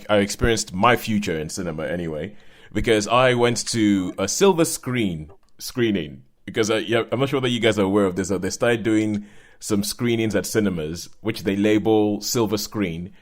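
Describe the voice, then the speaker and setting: Male host, lowish voice, teasing casual chat, quick laughs. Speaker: podcast host.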